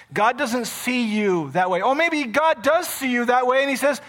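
Male pastor, conversational sermon storyteller, bright sharp tone. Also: extremely high pitch, moderate pace, hardly any pauses. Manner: animated, conversational storytelling with playful asides.

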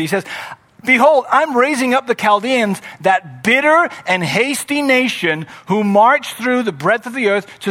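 A man preaching a sermon, reading scripture and voicing the prophet's complaints with strong emphasis. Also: high voice. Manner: expressive, acts out scripture voices with rising emphasis. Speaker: pastor.

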